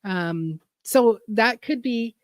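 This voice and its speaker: A woman's voice: on the high side, takes it slowly, no echo, clean studio sound. A woman hosting a gardening channel livestream, chatting casually and rambling as she reads viewer comments aloud.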